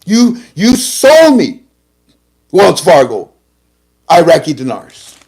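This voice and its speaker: A man's voice: a little high, huge pitch swings, takes it slowly, vocal fry, darkish tone, husky. A man hosting a casual talk show, telling a story animatedly and acting out both sides of a conversation. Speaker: host.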